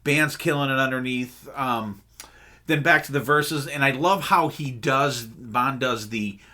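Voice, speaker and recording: A man talks through rock tracks in a loose, excited podcast chat. His voice is bright and forward, full of fillers, restarts and sung guitar riffs. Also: medium pitch, a little slow. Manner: enthusiastic, rambling, with many fillers and sung riffs. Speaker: podcast co-host. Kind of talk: casual music review chat.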